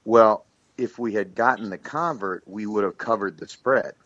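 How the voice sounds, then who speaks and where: A man's voice: lowish voice, normal speed, a bit bright, no room sound, dull audio. A man, a former football coach, telling rambling anecdotes in a casual interview, laughing often and restarting his sentences.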